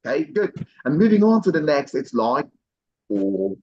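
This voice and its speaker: A man teaching pronunciation in an online class, encouraging and repeating each word slowly several times. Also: fairly high pitch, sing-song, lo-fi sound, slight background noise. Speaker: pronunciation coach.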